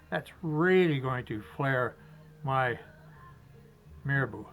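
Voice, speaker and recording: A man's voice: medium pitch, animated, extremely slow, a bit bright, low-quality recording. Chatty man tying flies. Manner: chatty, talks to himself while working, chuckles. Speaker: fly-tying instructor. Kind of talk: casual step-by-step demonstration.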